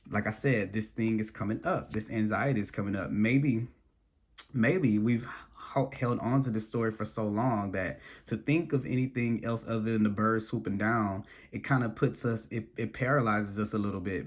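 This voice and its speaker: A man's voice: lowish voice, fairly even intonation, moderate pace. A man giving a casual tarot reading, rambling and restarting his words as he talks straight to the viewer. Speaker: tarot reader.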